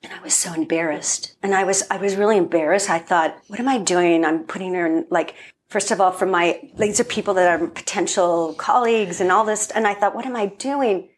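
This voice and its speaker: A woman's voice: lowish voice, steady tone, fairly quick, slight background noise. A woman, a guest filmmaker, tells family stories in a casual interview and acts out the quotes.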